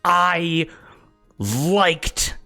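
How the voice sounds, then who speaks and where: A man doing a blunt, gruff woman adventurer. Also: a little high, lively intonation, very slow, sharp tone, soft background music, full character voice. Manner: curt, swears casually.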